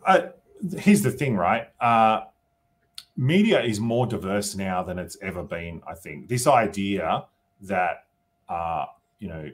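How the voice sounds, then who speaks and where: A man's voice: low voice, husky. An Australian man, a politician, answering interview questions in a casual way, thinking aloud and adding "you know" and "right?" as he goes. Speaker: politician guest.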